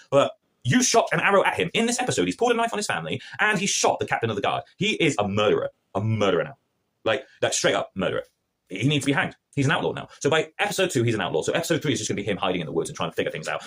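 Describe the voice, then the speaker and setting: A man's voice: on the high side, a bit bright. A man reviewing a TV episode in a casual, exasperated and sarcastic rant.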